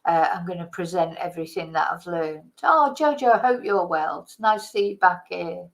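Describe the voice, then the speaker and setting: A woman's voice: lowish voice, animated, normal speed, creaky, poor audio. A middle-aged woman hosting a casual live chat, rambling and greeting her viewers by name, sounding tired. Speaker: livestream host.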